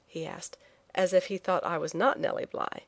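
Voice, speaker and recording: A woman narrating a first-person travel memoir in a measured, expressive reading. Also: fairly low pitch, gravelly, no echo. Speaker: audiobook narrator.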